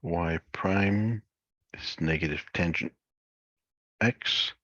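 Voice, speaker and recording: A man working through math homework solutions step by step, thinking aloud in a halting, muttered way. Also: deep voice, sharp tone, dry recording, muffled recording. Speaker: math instructor.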